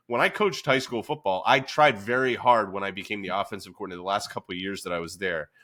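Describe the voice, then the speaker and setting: A man, a fitness coach and podcast host, talking in a calm, even-keeled way with many fillers. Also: fairly low pitch, fast. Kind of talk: casual podcast chat.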